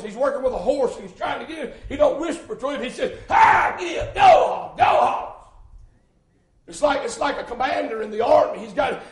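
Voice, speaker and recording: A man preaching, his voice sitting very high for a man. He drives his points with repeated phrases and breaks into loud shouts. The sound rings around a roomy church hall. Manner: fervent, shouting bursts, rhythmic repetition. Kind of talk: sermon.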